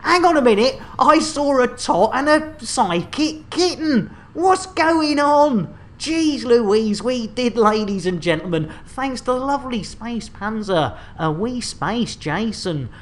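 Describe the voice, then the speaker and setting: A woman's voice: a little high, lively intonation, slow, few pauses. A woman hosting a live game stream, bantering with viewers in a chatty, jokey way. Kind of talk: live gameplay commentary.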